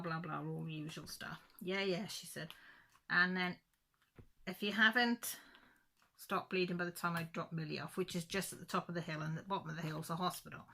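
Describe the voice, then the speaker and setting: A middle-aged woman talks through a family story in a relaxed, rambling way, slipping into the voices of the people she quotes. Her voice sits a little low but comes across bright and forceful. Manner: rambling, animated retelling with quoted dialogue. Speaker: crafting channel host. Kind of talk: casual chatty storytelling.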